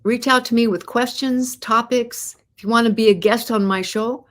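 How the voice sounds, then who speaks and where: A woman's voice: a little high, fairly even intonation, moderate pace. A woman hosting a live podcast, talking to viewers and asking them many encouraging questions, often repeating words and restarting her phrases. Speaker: host.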